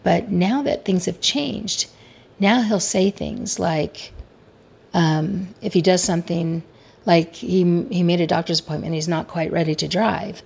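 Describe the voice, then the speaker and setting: Low, gravelly woman giving marriage advice. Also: measured pace, darkish tone. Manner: candid, reflective, self-deprecating. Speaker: marriage coach. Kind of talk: personal advice talk.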